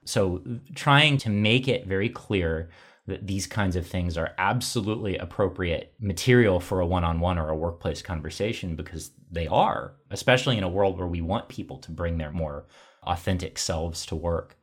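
A deep-voiced man, middle-aged, talks in a guest interview with a husky, slightly breathy tone. He is reflective and self-deprecating, circling back and restarting his sentences as he thinks aloud. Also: moderate pace. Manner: thoughtful, self-deprecating, many restarts and "you know". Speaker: company executive, guest. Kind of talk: conversational interview answers.

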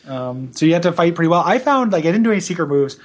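A man co-hosting a podcast, chatting casually about a video game in a halting, rambling way with frequent laughs. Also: fairly high pitch, big pitch swings. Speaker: podcast co-host. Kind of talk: casual chat.

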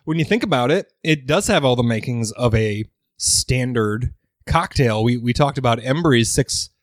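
A man co-hosting a podcast in casual chat, wry and quick with quips. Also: medium pitch, expressive, no echo, studio quality. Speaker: podcast co-host. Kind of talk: casual chat about cocktails.

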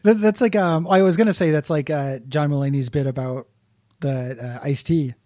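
A man's voice: a little high, normal speed, warm tone, no room sound. A man co-hosting a podcast in casual chat, telling rambling anecdotes in a dry way. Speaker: podcast co-host.

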